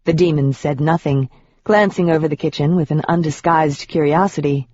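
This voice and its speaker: An audiobook narrator reading a fantasy novel in the first person, in an even, measured way with tense emphasis at moments of fear. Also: mid-range voice, a little hiss or hum. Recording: dull, dry audiobook recording.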